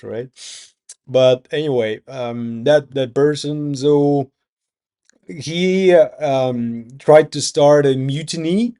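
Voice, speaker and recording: A man's voice: medium pitch, mellow. A young man from Russia with a Russian accent, vlogging in a rambling casual monologue and swearing often.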